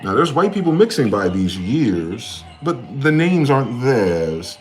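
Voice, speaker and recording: A man's voice: medium pitch, sing-song, measured pace, soft background music. A man giving a rambling, profane late-night monologue, full of repeated phrases and rhetorical questions, in a slangy casual way of talking. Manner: talks in a casual slangy way, says "y'all" and "bro". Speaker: solo streamer. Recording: clear background noise with passing vehicles.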